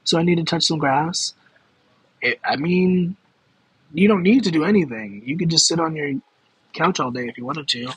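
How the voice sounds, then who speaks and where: A man's voice: a little high, normal speed, pauses often, a bit bright, husky, no echo, low-quality recording. Giggly, rambling man reading cards on a livestream. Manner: rambling and self-interrupting, with many fillers and giggles. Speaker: tarot card reader streaming live. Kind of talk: casual livestream chat with viewers.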